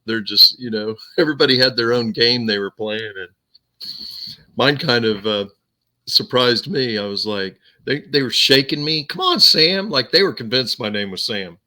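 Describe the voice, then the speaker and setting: This is a man hosting a podcast, keeping things casual as he tells stories with animation and frequent laughter. His mid-range voice moves at a moderate pace.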